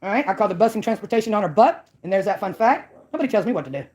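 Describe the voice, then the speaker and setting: A woman's voice: medium pitch, sing-song, racing, darkish tone. A woman from Mississippi, ranting on her own channel in a combative, mocking way. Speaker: channel owner. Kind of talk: ranting call-out vlog.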